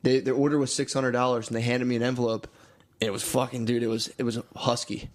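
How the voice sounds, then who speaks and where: A man's voice: medium pitch, level tone, fast talker. Man telling crude stories, laughing. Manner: crude, rambling anecdotes with frequent laughter. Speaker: podcast co-host. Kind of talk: casual comedic chat.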